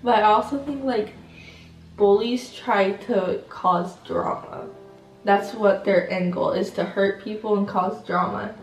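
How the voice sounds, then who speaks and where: A shy teenage girl co-hosting a casual sit-down chat, soft-spoken and hesitant, full of fillers. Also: medium pitch, fairly even intonation, unhurried. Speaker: channel co-host. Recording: roomy sound, mic at a distance, faint music.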